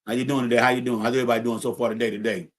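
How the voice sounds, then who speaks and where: A man's voice: mid-range voice, flat delivery, very fast. A man hosting a home livestream podcast, talking loosely and repetitively to his chat, swearing and calling them y'all. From St. Louis, USA. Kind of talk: casual political rant to live chat.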